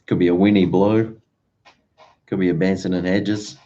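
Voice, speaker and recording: Deep-voiced Australian man chatting. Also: fairly even intonation, normal speed, dark tone. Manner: rambling, chatty, uses slang and mate. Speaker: livestream host. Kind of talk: casual chat with live viewers. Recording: dull lo-fi stream audio.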